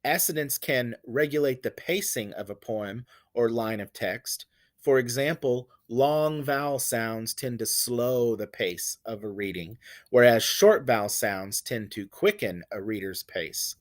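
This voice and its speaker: Man teaching a recorded poetry lesson. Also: medium pitch. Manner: conversational, with fillers and self-corrections; reads quoted verses slowly and stresses their vowel sounds.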